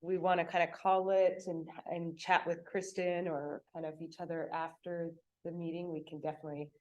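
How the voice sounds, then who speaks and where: A woman's voice: fairly low pitch, level tone, moderate pace, a little mellow, lo-fi sound. A woman organizing a meeting, speaking politely and hesitantly with many fillers.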